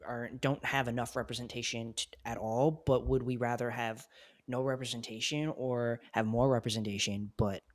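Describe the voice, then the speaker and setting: A man's voice: medium pitch, steady tone, normal speed, no echo. A man hosting a casual podcast conversation, loose and outspoken, swearing freely and laughing often. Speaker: podcast host.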